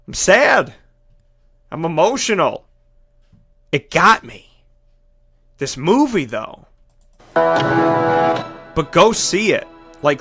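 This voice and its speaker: A man hosting a radio show, talking in an animated, emphatic monologue and acting out the voices he quotes. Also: high-pitched. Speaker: radio host and broadcaster. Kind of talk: energetic monologue.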